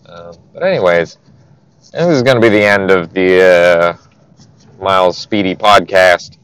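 A man's voice: low-pitched, measured pace, fairly bright tone, clean tone, no room sound, rough recording. Rambling, foul-mouthed podcast guy. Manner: rambling, profane, offhand. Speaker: podcast host. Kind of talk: casual podcast monologue. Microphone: headphone mic.

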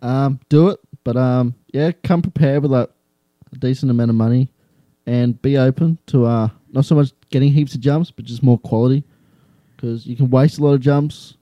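Laid-back young Australian man, dark voice. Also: medium pitch, moderate pace, no room sound, lo-fi sound. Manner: relaxed, many fillers like "like" and "um". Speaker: guest, skydiving student. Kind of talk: casual interview chat.

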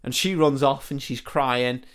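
A man co-hosting a comedy podcast, recapping a film's plot in a casual, sweary way and slipping into quick voices for the characters. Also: mid-range voice, fairly even intonation, over a noisy crowd. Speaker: podcast co-host.

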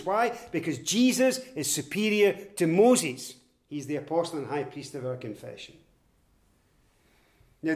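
A man preaching an expository sermon. He explains his points step by step in an earnest, emphatic way. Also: fairly high pitch. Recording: roomy echoey hall.

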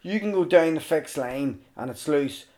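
A middle-aged man spins a casual yarn as a podcast guest. His voice sits a little on the high side, and he tells the story with lively energy and plenty of swearing. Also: normal speed. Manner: animated, swears freely, acts out others' lines. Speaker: interview guest, mountaineer.

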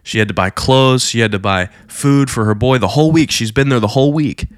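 A man retelling a miracle story in a sermon, his voice rising high when he quotes the preacher's vision. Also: a little fast, dry recording, studio quality.

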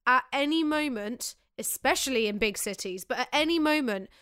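A woman talks frankly and bluntly on a podcast. Her voice is smooth and resonant and sits a little high, recorded dry and close in a studio. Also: expressive, moderate pace, fairly bright tone, no echo. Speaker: podcast co-host. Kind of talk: casual chat.

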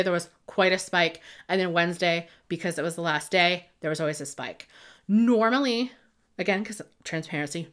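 A woman's voice: on the low side, a bit bright. Earnest, emotional woman podcaster. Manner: earnest, emotional, rambling, quick asides. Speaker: podcast host on email marketing. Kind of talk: candid solo podcast talk.

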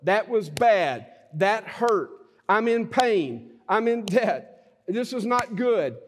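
Middle-aged male pastor, high and lively, jokey sermon delivery, long hall reverb. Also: slow pace, a little hiss or hum. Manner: animated, jokey preaching with laughs and sudden shouts.

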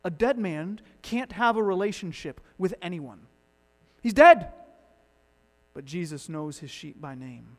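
Pastor, male, higher register, dynamic preacher who drops from punchy to hushed, long church reverb. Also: expressive, a little slow. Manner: dynamic, swinging from loud emphatic to hushed. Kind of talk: sermon.

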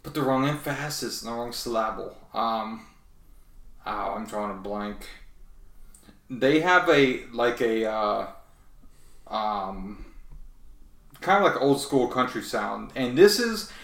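A man's voice: mid-range voice, expressive, slow pace, creaky, long pauses, a bit bright, echoey room, far from the mic. A man co-hosting a casual radio show, chatting about music in a rambling, enthusiastic way with many fillers.

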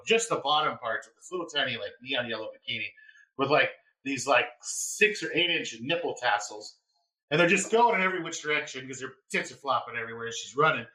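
Animated man telling a wild story. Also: on the high side, rough recording. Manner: animated, laughing, yells quoted lines. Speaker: podcast host; former EMT. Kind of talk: casual storytelling.

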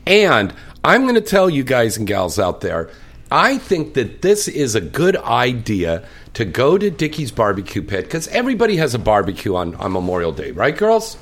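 Animated male talk show host. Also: mid-range voice, normal speed. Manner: animated, eager host who keeps plugging. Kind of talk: lively live talk show with on-air food plugs.

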